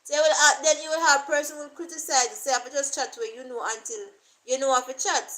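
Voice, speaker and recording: A woman's voice: high voice, steady tone, fast talker, a bit bright, poor audio. Jamaican woman vlogger, rambling chat. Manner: rambling, repeats herself, thinks aloud. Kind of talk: casual talk to camera.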